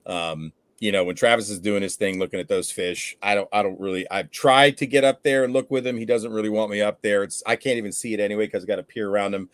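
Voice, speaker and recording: A man hosting a casual fishing livestream, telling stories with lively energy and casual swearing. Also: lowish voice, fast talker, few pauses, no echo. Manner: animated storyteller, swears casually. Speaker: fishing show host.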